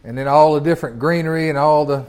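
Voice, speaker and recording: A pastor with a folksy drawl teaches scripture to a small Bible class. For a man his voice sits high, and he talks quickly in a clear, resonant tone, animated and conversational, stopping to chuckle and restart.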